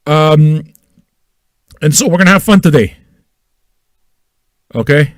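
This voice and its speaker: Male pirate-radio host, fairly high and very animated, loud and crude, dry close sound. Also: takes it slowly, long pauses, no echo. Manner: loud, manic and crude, with yelling and repetition; talks straight at listeners with repeated questions. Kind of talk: profane ranting monologue.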